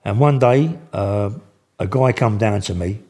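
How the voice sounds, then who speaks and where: A man's voice: fairly low pitch, unhurried, warm tone. An older man, telling stories in casual, slangy speech with many restarts. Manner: rambling, slangy, full of restarts. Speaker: guest. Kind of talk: casual storytelling.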